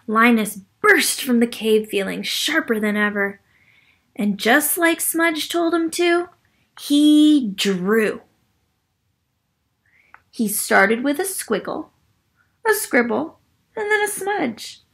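A woman reading a picture book aloud to children, gently stopping to ask them questions. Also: a little high, expressive, takes it slowly, pauses often. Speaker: children's story reader. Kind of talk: read-aloud storytime for children.

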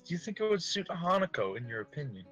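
A man voicing a polite, refined blind young woman with gentle, formal phrasing, reading game dialogue aloud. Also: a little high, big pitch swings, quick pace, lo-fi sound, faint music behind, pitched above the performer's own voice.

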